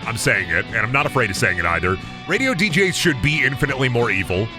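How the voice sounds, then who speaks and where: Goofy, lively young streamer man. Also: mid-range voice, quick pace, over music. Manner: goofy, crude, talks to chat. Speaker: gaming streamer. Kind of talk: casual game commentary.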